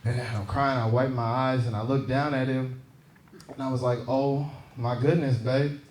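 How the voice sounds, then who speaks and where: A man's voice: mid-range voice, level tone, moderate pace, slight background noise. A young man from Seattle doing a stand-up comedy set on a club stage, chatting with and teasing the crowd. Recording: roomy club sound, loud crowd laughter.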